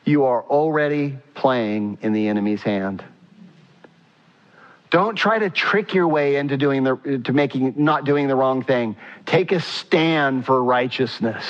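A man's voice: normal speed, big-room sound, lo-fi sound. A man preaching a sermon as pastor, emphatic and fervent, putting direct questions to his congregation. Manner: emphatic, rising to a high, fervent pitch at key points.

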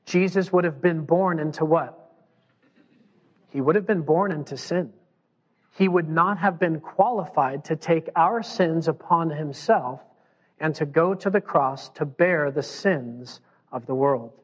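A male pastor preaching a sermon, animated and acting out the voices of the people he quotes. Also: a little high, a little slow. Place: church sanctuary. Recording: dull sound, long hall reverb.

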